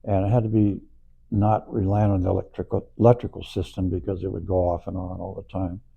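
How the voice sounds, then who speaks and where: An older man being interviewed, rambling through anecdotes with frequent chuckles, his voice gravelly. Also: low voice, level tone, fairly quick, narrow, tinny audio. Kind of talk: anecdotal storytelling.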